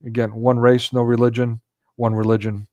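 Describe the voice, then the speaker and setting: A man's voice: medium pitch, little pitch movement, normal speed, warm tone, no room sound, lo-fi sound. A man hosting a casual livestream commentary, talking in a rambling way with frequent restarts and filler words. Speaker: livestream host.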